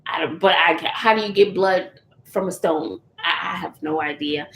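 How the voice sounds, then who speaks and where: A woman's voice: lowish voice, normal speed, vocal fry, a bit bright. A woman, chatting candidly with viewers and laughing often. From Texas, USA. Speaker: YouTuber answering viewers. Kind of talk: casual live chat. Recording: roomy echo, faint noise.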